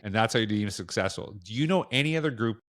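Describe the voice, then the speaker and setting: A man's voice: fairly low pitch, expressive, fast talker, fairly bright tone. Chatty middle-aged Canadian man. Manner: rambling, lots of fillers and restarts, acts out quoted dialogue. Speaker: podcast guest, education speaker. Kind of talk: casual interview chat.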